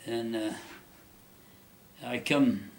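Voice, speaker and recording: A man's voice: medium pitch, steady tone, very slow, gravelly, slight background noise. A man being interviewed, telling a personal story in a rambling, folksy way with many restarts.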